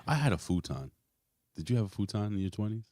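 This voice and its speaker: Very deep-voiced man rambling about wrestling. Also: fast, no echo, clean studio sound. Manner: rambling, swears freely, animated storytelling. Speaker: podcast host. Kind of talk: casual wrestling chat.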